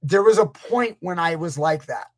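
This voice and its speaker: A man's voice: fairly high pitch, animated, moderate pace. A man, a grappling coach hosting a casual live stream, rambling through stories and acting out what people said. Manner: rambling, storytelling, acts out quotes. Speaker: grappling coach, channel host.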